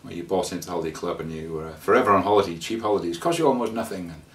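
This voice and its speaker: A man with a fairly low voice talks through a travel story in a loose, rambling way, stopping often on fillers and restarting his sentences. He sits a little back from the microphone, so his voice sounds somewhat distant. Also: racing. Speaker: traveller sharing scam warnings. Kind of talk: casual spoken anecdote.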